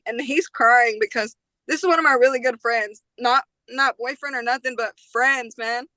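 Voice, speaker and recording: A woman's voice: fairly high pitch, normal speed, sharp tone, dry recording, low-quality recording. A woman in her twenties, a podcast guest, tells a personal story in a casual, slangy way, acting out other people's lines.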